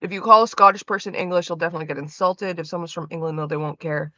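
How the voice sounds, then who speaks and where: A woman's voice: on the low side, steady tone, rapid-fire, sharp tone, no room sound, dull audio. A woman streamer chatting casually with her viewers, rambling with lots of "like" fillers. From Canada.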